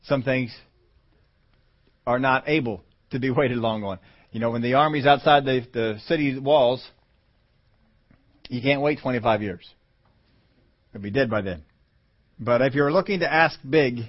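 A man's voice: medium pitch, measured pace, long pauses. A man preaching a sermon with emphasis, acting out the voices of doubters. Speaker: pastor. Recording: dull lo-fi sermon audio.

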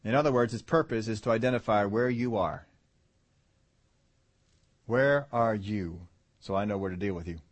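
A man preaching a sermon, with lively delivery and rhetorical questions to the congregation. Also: lowish voice, normal speed, pauses often. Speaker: pastor.

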